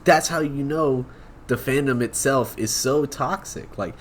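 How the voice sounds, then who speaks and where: A man's voice: medium pitch, a little slow, a little hiss or hum. A young man co-hosting a casual podcast, speaking bluntly and emphatically. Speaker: podcast co-host. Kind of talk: casual chat.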